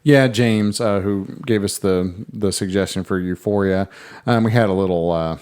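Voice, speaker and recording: A man's voice: low voice, moderate pace, darkish tone, smooth. A man co-hosting a video game podcast, talking in an easygoing, hedging way full of fillers. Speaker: podcast co-host. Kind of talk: casual chat.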